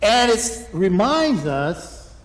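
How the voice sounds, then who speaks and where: A man preaching a sermon with lively energy, acting out complaining voices in the middle of his points. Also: sits high, extremely slow, roomy sound, in a large hall, poor audio. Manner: animated, acts out grumbling voices. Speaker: pastor.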